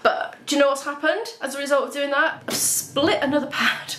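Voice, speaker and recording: A woman vlogs at home indoors, talking to camera in a chatty, rambling, emotional way. Her voice sits high and fairly quick, and the echoey room recording has background noise.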